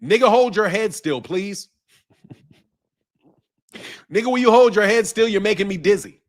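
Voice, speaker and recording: A man's voice: high voice, lively intonation, measured pace. A man hosting a boxing live stream, answering viewers' comments in a blunt, combative, profane way and laughing often. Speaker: boxing channel host.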